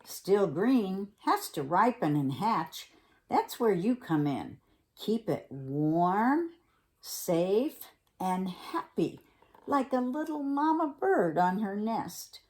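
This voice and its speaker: A woman voicing a sly, fast-talking male fox salesman with pushy sales patter in a storybook reading. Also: medium pitch, sing-song, darkish tone. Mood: wheedling.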